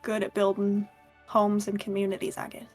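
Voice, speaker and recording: A woman's voice: medium pitch, completely flat delivery, moderate pace, darkish tone, faint music behind. A woman narrating a tabletop game as game master, rambling with many fillers.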